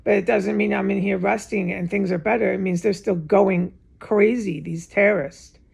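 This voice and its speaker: A woman's voice: medium pitch, fairly even intonation, normal speed, gravelly, a little mellow, breathy edge. A woman vlogging from home in a rambling, agitated monologue to camera, repeating herself and swearing often. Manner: agitated, repetitive, with frequent swearing. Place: home, indoors.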